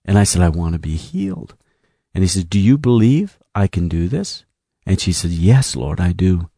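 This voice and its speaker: A man's voice: low-pitched, sing-song, normal speed, vocal fry, mellow, husky, dry recording, clean studio sound. A man preaching a sermon, telling a mission story and quoting the people in it in his own voice.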